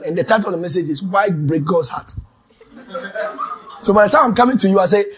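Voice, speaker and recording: A man preaching a sermon testimony, dramatic, swinging from shouted lines to hushed asides. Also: high voice, fast, slightly rough.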